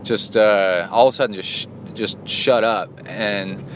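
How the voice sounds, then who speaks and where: A man's voice: on the low side, moderate pace, slight background noise. A man hosting a podcast as a coach, telling a story in a rambling, indignant way with many fillers. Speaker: podcast host and endurance coach. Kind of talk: casual storytelling monologue.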